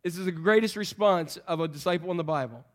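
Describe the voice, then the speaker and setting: A man's voice: sits high, quick pace. A man preaching a sermon in a chatty, joking way, putting questions to the congregation. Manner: conversational, joking, quizzes the congregation. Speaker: pastor.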